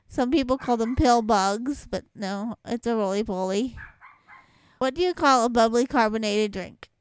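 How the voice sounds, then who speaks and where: A woman's voice: a little high, smooth, no room sound. Chatty young woman with light Louisiana accent. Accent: light Southwest Louisiana. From southwest Louisiana, born in Michigan. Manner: chatty, rambling, light laughs. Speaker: vlogger. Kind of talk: casual accent challenge vlog.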